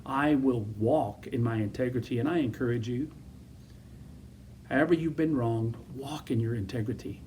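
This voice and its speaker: A man's voice: medium pitch, moderate pace, mellow, recorded from a distance, slight background noise. A man preaching a sermon as pastor, emphatic and repetitive, full of rhetorical questions.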